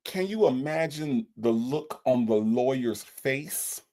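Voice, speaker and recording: Mocking, animated livestream host. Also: medium pitch, slow. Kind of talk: livestream commentary reading super chats.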